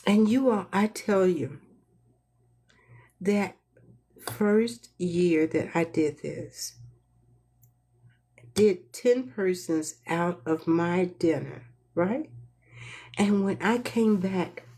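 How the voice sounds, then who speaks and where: A woman hosting a heartfelt, casual inspirational talk, earnest and lively when she tells a story. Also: mid-range voice, slow, pauses often. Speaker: host.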